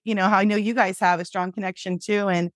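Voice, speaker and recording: Fast-talking, gushing woman co-host. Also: medium pitch, steady tone, no room sound, studio quality. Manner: gushing and enthusiastic. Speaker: podcast co-host. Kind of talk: casual chat.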